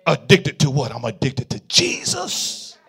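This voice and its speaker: A male pastor preaching a sermon in a call-and-response style, swinging from quiet murmurs to fervent shouts. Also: mid-range voice, huge pitch swings, unhurried, slightly rough.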